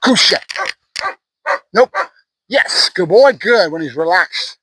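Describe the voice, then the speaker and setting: Bright-voiced man training a dog. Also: high-pitched, animated, slow pace, breathy edge, no echo, rough recording. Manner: explains steps while praising and correcting a dog. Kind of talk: instructional training demo.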